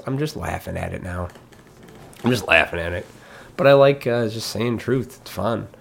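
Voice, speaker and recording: A man's voice: deep voice, creaky, a little hiss or hum. A man ranting bluntly in a casual monologue, swearing freely and mocking others in put-on voices. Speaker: commentator.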